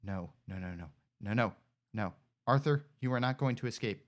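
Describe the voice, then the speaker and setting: A woman giving casual gameplay commentary, excitable, talking to herself and coaxing a pet along. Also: a bass voice, normal speed. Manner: animated, talks to herself and coaxes a pet pig; excitable shouts and cheers. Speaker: gaming streamer.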